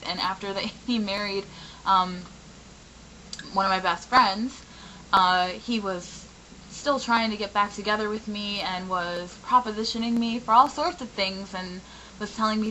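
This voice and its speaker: Twenty-something woman venting on her vlog, bit raspy from a sore throat, bright voice, faint hum behind her. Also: medium pitch, poor audio. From Michigan, US. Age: 20s. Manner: candid, frustrated, rambling with many fillers. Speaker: vlogger.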